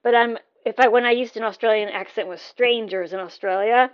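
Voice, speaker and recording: A woman's voice: on the high side, steady tone, a little fast, muffled recording. An American woman hosting a podcast, talking casually and thinking aloud, often correcting herself mid-sentence. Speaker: podcast host. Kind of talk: casual rambling TV recap.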